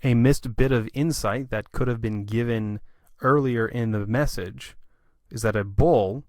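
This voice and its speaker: A man's voice: lowish voice, a little mellow, no echo. Blunt, skeptical male commentator, dry sound. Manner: skeptical and blunt, challenges the preacher. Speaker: sermon reviewer, host. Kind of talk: critical commentary.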